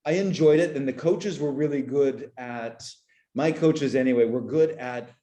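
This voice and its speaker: Man in his forties, from canada, halting speech with many restarts, emotional, echoey room. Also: mid-range voice, warm tone. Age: 40s. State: choked up. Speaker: podcast guest. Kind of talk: reflective conversational interview.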